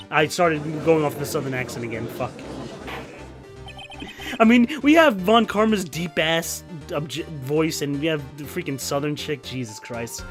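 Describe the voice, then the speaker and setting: Casting: lively let's-play guy from New York, goofy, jokey, slightly high voice, music underneath. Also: unhurried. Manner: goofy, joking, laughs a lot. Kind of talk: casual gameplay commentary.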